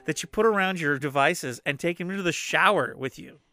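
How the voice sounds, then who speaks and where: A man's voice: fairly high pitch, brisk, pushed and bright. A man co-hosting a casual chat with his wife, teasing her and slipping into jokey voices. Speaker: podcast co-host.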